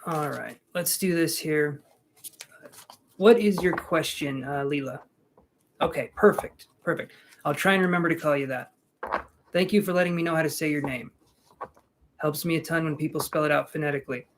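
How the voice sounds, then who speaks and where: A man's voice: a little high, normal speed, pauses often, noisy background. A man giving live tarot readings, chatting casually, calling out viewers' names and joking between cards. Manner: chatty, reads viewers' names aloud and jokes. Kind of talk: casual live-stream chat.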